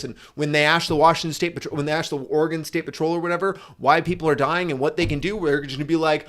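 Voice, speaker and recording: A man's voice: a little high, steady tone, fast talker, few pauses, fairly bright tone. A man chatting casually on a live stream as a motorcycle streamer, rambling and swearing, with frequent restarts. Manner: rambling, profane, restarts often.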